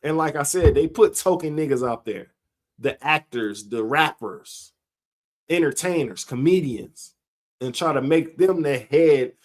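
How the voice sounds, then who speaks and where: A man, giving a casual sermon-style monologue, slow and conversational, laughing between his points. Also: fairly high pitch, animated. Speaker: street preacher.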